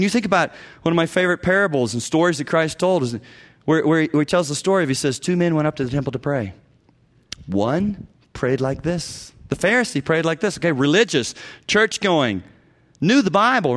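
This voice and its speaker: A middle-aged man teaching a lecture to biblical counselors. He acts out quoted prayers and pleas, swinging from loud and high to hushed and low, and stresses points with repeated phrases. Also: animated, a little fast. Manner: preacherly emphasis with repeated phrases.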